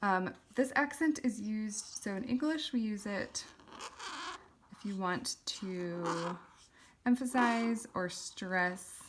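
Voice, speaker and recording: A woman calmly teaching a calligraphy lesson, explaining step by step with occasional ums while she writes. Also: mid-range voice, slow pace, noisy background. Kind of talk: instructional voice-over while writing.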